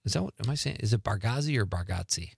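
A man hosting a radio talk show, chatty and quick to laugh, on a studio mic. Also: on the low side, expressive, vocal fry, a little mellow, husky, no room sound. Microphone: studio microphone.

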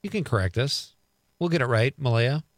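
A man's voice: medium pitch, lively intonation, moderate pace, no echo, clean studio sound. A middle-aged man hosting a radio show, chatting casually as he reads listener texts aloud and riffs on each one.

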